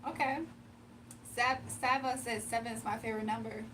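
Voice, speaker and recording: A woman's voice: a little high, fairly even intonation, moderate pace, recorded from a distance, noisy background. A woman from the US East Coast chatting casually on a morning live stream, laughing often and reading viewer comments aloud. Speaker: live-stream tarot reader. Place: home, early morning.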